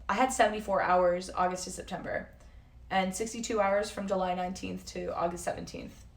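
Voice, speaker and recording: A woman in her twenties chatting casually on a live stream, answering chat and swearing now and then. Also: mid-range voice. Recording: voice somewhat distant from the mic.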